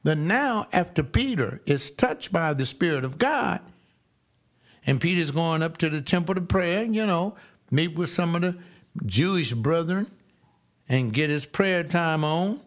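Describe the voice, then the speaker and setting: A male preacher with a somewhat high voice preaches a sermon. His delivery is folksy and emphatic, and he slows down to drive his key phrases home. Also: animated. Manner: folksy, emphatic preaching with slow stressed repeats.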